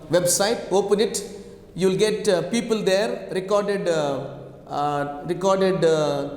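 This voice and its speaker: An Indian-accented man teaches English sounds in a high voice, speaking slowly and drilling each sound again and again. He keeps checking in with the class between fillers. The room is echoey, with a long reverb tail. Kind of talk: online lesson.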